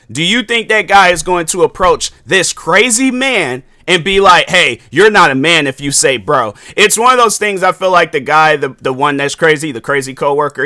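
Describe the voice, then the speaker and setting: Young male podcast host, casual solo rant, a touch high, very dry close sound. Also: moderate pace, few pauses, pushed and bright, clear, resonant tone, dry recording. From Washington, US. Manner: loose, conversational, repeats and restarts often.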